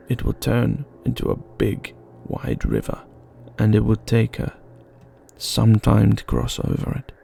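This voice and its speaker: A man voicing a thin, hungry black cat in a fairy tale, calmly giving step-by-step instructions. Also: on the low side, creaky, slight background noise, exaggerated voice.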